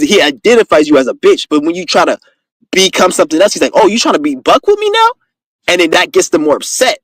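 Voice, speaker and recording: A man talks fast and loose in a casual monologue, boastful and full of cursing. His voice sits a little high. The sound is dry, with no room echo. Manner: rambling, profane, boastful storytelling. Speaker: vlogger.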